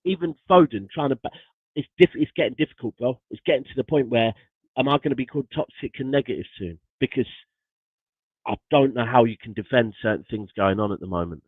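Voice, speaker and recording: A man's voice: medium pitch, fairly quick, no room sound, phone-quality sound. Guy ranting about football, swears loads, sounds like a cheap phone mic, dead dry. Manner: exasperated and passionate, swears a lot. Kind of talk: casual football chat on a livestream.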